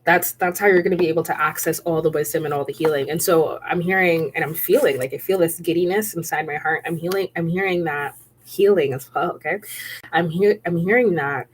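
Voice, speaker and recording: Woman, lowish voice, casual tarot reader, chatty and repetitive, laughs often, faint background hiss. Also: a little fast. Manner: chatty and repetitive, often checking in with "okay?" and "right?"; laughs often while speaking. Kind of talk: casual spiritual tarot reading.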